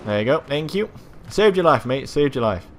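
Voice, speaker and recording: A young man commentating his own gameplay, swearing freely, yelling at other players and boasting in jest. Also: mid-range voice, very animated, normal speed, slight background noise. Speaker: gaming channel host.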